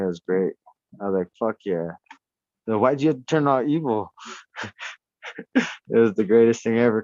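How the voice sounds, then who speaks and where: A man in casual chat, talking at home in a rambling, profane, animated way. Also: on the low side, no room sound. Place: indoors at home. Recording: dull lo-fi sound.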